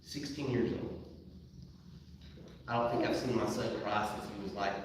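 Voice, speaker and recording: Middle-aged pastor in an echoey hall. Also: male voice, on the low side, normal speed, distant mic, background noise. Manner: storytelling, soft and hushed at sad moments. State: sick with a sinus infection. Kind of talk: sermon.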